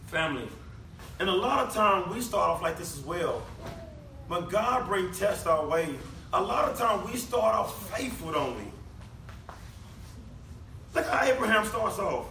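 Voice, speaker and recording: A man's voice: high voice, bright, forceful tone, a little hiss or hum. A man preaching a sermon, talking to the congregation conversationally and firing off rhetorical questions. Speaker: pastor. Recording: echoey room, mic at a distance.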